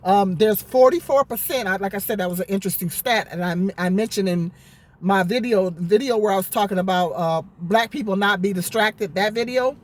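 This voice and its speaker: A woman's voice: mid-range voice, fairly quick. A woman vlogging from her parked car, answering viewer comments in an indignant, sarcastic rant, often stammering and repeating words. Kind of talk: ranting commentary vlog. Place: parked car in a parking lot.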